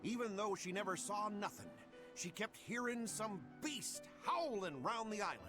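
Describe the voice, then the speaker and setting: A gruff, folksy game sailor. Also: male voice, high voice, expressive, moderate pace. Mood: gossipy. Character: gruff male sailor spinning a rumor. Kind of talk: game voice acting. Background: game music.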